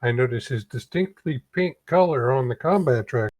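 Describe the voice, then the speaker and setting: A man's voice: mid-range voice, animated, normal speed, a little mellow, no room sound. A man playing a tabletop game, making jokes and describing his character's actions. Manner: wisecracking. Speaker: player. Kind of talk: casual tabletop game chat.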